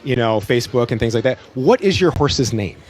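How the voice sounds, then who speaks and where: A man's voice: medium pitch, lively intonation, a little fast, darkish tone, a little hiss or hum. A man in his thirties co-hosting a church pre-show, chatting casually with a teasing, joking manner and an easy laugh. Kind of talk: casual chat.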